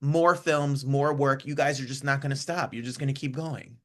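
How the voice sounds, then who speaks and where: Bright, gushing male talk show host. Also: mid-range voice, steady tone, moderate pace. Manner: effusive, gushing, upbeat. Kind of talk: casual interview chat.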